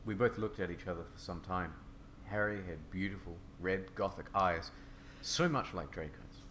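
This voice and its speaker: A man narrating a comedic dramatic reading in a deadpan, mock-serious way. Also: low voice, normal speed, slight background noise.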